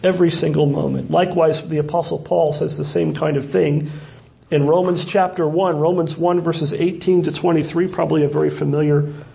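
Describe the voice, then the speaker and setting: A man preaching a sermon who asks rhetorical questions and slows down to stress scripture verses. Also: on the high side, steady tone, creaky, lo-fi sound. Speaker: pastor.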